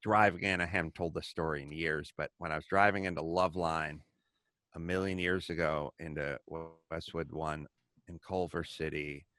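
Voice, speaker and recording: A middle-aged man hosting a talk show, telling stories in a casual, animated way, acting out the people he quotes and swearing freely. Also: rumbling low, normal speed, dry recording, studio quality. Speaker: podcast host. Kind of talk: casual storytelling chat.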